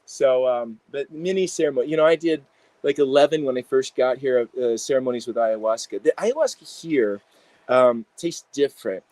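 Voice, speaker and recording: A man, an integration psychologist, telling animated stories in a casual interview with many fillers. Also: medium pitch, normal speed, dry recording, rough recording.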